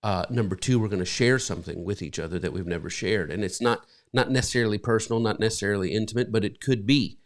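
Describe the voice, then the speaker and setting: Low-voiced man rambling warmly at home. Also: quick pace, few pauses. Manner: rambling, emotional, many fillers. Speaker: pastor and podcast co-host. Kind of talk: casual live-stream chat. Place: home bedroom.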